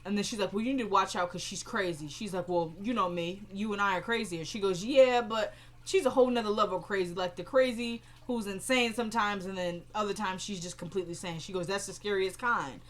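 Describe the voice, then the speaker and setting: A young woman giving a casual, opinionated recap of a TV episode, acting out the characters' lines in quick quoted bits. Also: mid-range voice. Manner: animated, retells scenes in quoted voices, opinionated. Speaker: show recapper.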